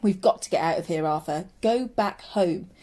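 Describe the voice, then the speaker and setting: A woman's voice: on the low side, moderate pace, mellow, close to an everyday voice. A woman voicing a stubborn, sceptical young girl who speaks firmly and doubts everything around her. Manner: firm and doubtful.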